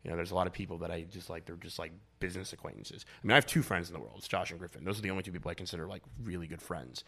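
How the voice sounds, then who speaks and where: A man's voice: low voice, racing, vocal fry, pushed and bright, slightly rough. A young man chatting casually as a podcast guest, rambling and blunt, with lots of filler words and swearing. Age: young adult.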